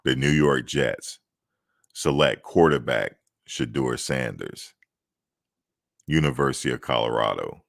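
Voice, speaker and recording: A man playing a formal draft-night announcer, reading out the pick slowly and deliberately. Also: gravelly, a bit bright, heavily acted. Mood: announcing. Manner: slow, booming, deliberate.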